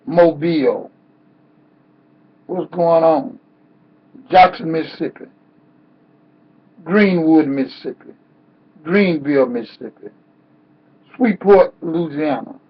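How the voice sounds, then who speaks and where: A man's voice: on the high side, slightly rough. A man giving an impassioned protest speech with a preacher-like cadence that rises into cries, heard on a dull lo-fi recording. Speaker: activist speaker. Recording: dull lo-fi sound.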